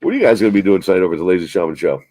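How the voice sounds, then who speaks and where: Deep-voiced rambling profane man. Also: sing-song, rapid-fire, warm tone, no room sound. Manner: rambling, profane, self-mocking. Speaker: livestream host. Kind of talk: casual live stream chat.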